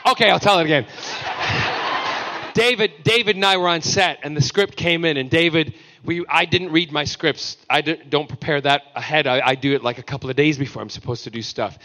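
A man's voice: a little high, a little fast, sharp tone. A man, an actor guest on a fan panel, telling playful stories and acting out the quotes in voices. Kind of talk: convention panel storytelling.

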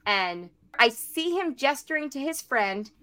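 A young woman co-hosting a podcast, telling a long story in casual chat, full of "like" and acting out everyone's lines with big jumps in pitch. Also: measured pace, clean tone. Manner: animated, acts out quotes with big pitch jumps; peppered with "like" and casual swearing. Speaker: podcast co-host.

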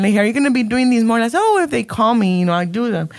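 Chatty bilingual woman, higher voice. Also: fast talker, no room sound, studio quality. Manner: animated storytelling, switching between English and Spanish, acting out quotes. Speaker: storyteller in casual chat. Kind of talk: casual chat.

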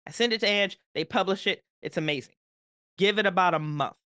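A woman guest on a podcast, telling a story in an animated, emphatic way with playful asides. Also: mid-range voice, a little fast, no echo, clean studio sound.

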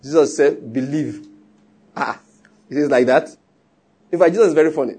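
A man's voice: on the high side, a little fast, a little mellow, husky. A man preaching a sermon, emphatic and teasing, often repeating his points. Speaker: pastor.

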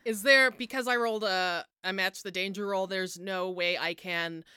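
A woman's voice: medium pitch, fairly even intonation, moderate pace, clean tone, no echo, clean studio sound. A woman co-hosting a tabletop role-play podcast, talking playfully with stumbling restarts and bursts of yipping. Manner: playful, loud animal noises, stumbling restarts. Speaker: podcast co-host and player.

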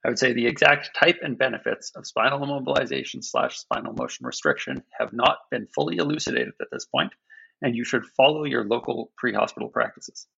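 A doctor on a podcast, a man explaining medical points in a measured, careful way. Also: mid-range voice, very animated, vocal fry, sharp tone, husky. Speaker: emergency physician guest. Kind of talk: podcast discussion. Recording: dull, lo-fi sound.

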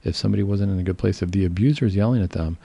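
A male psychiatrist giving a casual educational talk, calm and reassuring, explaining patiently with fillers and restarts. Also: low-pitched, very fast, gravelly, breathy edge, no echo.

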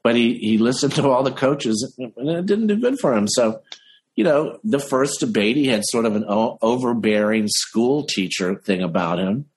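Male guest, husky tone, mid pitch, animated anecdotal delivery with deliberate slow beats. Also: rough recording. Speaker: impressionist guest. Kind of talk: casual interview chat.

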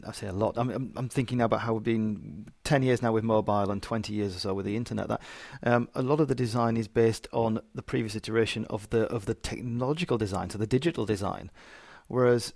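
A man co-hosting a podcast interview, thinking aloud in halting sentences and repeating words as he searches for them. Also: fairly low pitch, gravelly, a little mellow, no echo. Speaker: podcast co-host.

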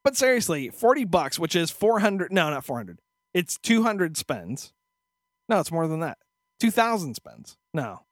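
A man's voice: fairly high pitch, sing-song, a little slow, dry recording, clean studio sound. A man co-hosting a podcast, telling a story as a profane, exasperated rant in casual chat. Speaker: podcast co-host.

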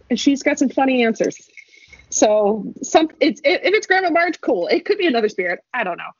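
A young woman chats her way through a long, rambling story, full of asides and quick laughs. Her voice is husky and a little breathy, and it comes through dry and slightly muffled on a lo-fi recording. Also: high-pitched, very animated, no echo. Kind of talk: casual storytelling chat.

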